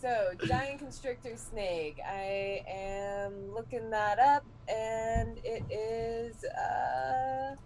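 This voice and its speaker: A woman playing a tabletop game, talking casually, often laughing and thinking out loud. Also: fairly high pitch, very slow, hardly any pauses, slight background noise. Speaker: player.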